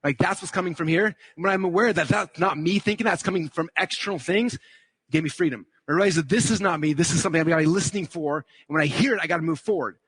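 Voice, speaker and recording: A man on stage giving an upbeat motivational seminar talk at a rapid clip, his voice slightly husky. He keeps checking in with the crowd as he explains. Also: on the high side, no room sound. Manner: energetic, checks in with the audience with frequent "okay?" and "right?". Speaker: seminar speaker. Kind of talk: motivational talk to a live audience.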